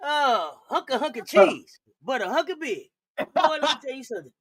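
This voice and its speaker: A woman's voice: high voice, very animated, normal speed. Giggly woman co-hosting a live stream. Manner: giggly, breaks into laughter, repeats phrases. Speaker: co-host. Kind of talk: casual live-stream chat.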